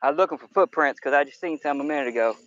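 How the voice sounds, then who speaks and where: At night on a riverbank by the woods, a man hosts a fishing livestream, rambling folksily to his viewers in casual chat. His voice is fairly high and bright and he races along, picked up by a camera-mounted mic near the water in a dry, lo-fi recording.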